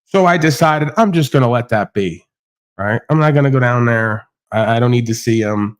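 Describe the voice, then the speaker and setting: A man's voice: mid-range voice, moderate pace. Male panel host, casual rambling talker, online call. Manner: rambling, repeats "right?" often. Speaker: podcast host. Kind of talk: casual rant to panel guests. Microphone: video call.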